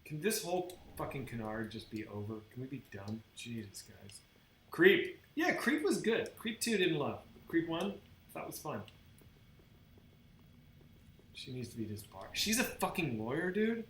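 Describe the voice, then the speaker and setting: A man chats casually while streaming a game, rambling, swearing, and restarting his sentences often. His voice is fairly high and a bit bright, with big swings in pitch at a moderate pace. The recording sounds roomy, with faint noise in the background.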